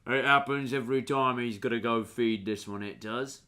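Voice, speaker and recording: A man voicing a gruff, blunt male dog trainer in a tabletop game. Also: medium pitch, steady tone, moderate pace, sharp tone, lightly acted.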